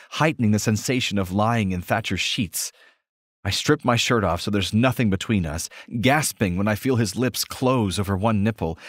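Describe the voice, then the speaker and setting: Deep-voiced male audiobook narrator. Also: no room sound, clean studio sound.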